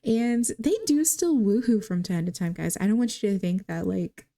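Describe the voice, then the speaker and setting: A woman's voice: medium pitch, lively intonation, normal speed, vocal fry, dark tone. A young woman giving chatty, giggly gameplay commentary, talking straight to her viewers. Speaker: gaming video creator.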